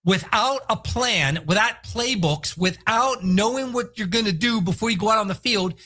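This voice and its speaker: A real estate agent hosts his own solo podcast in a high, bright voice. His delivery is energetic and hard-selling, swinging between quick pushes and drawn-out emphasis, and he breaks into shouted impressions.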